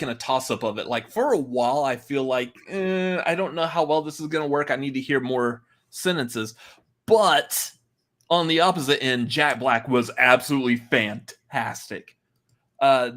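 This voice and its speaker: A man's voice: medium pitch, fairly bright tone. Guy cohosting a chill podcast, lots of uhs and restarts, laughs a bunch. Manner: hesitant, many fillers and restarts, laughs often. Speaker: podcast co-host. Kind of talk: casual chat.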